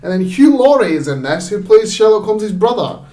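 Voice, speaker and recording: A man's voice: sits high, sing-song, moderate pace, mellow, echoey room. A Scottish man co-hosting a casual podcast, giving blunt, exasperated opinions and swearing freely. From Scotland. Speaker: podcast co-host. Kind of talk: casual film review chat.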